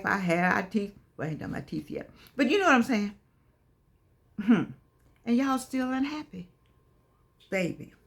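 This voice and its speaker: Animated preachy middle-aged woman. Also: medium pitch. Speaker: motivational speaker. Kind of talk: motivational talk to camera.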